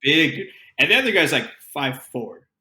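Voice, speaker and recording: Man, podcast co-host, bright tense voice, swearing storyteller, echoey room. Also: a little high, very animated, moderate pace. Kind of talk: casual storytelling chat. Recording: roomy echo.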